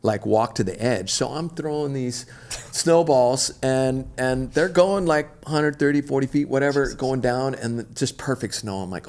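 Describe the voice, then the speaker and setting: A middle-aged man, an extreme athlete guest, telling a story in an animated, slangy, laid-back way. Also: medium pitch, moderate pace, creaky. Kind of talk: casual storytelling interview.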